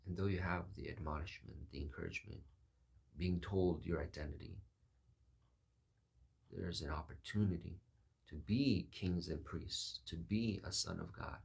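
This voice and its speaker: A man's voice: sits low, normal speed, vocal fry, pauses often. A man giving a reflective, sermon-style talk, musing aloud and acting out quoted voices.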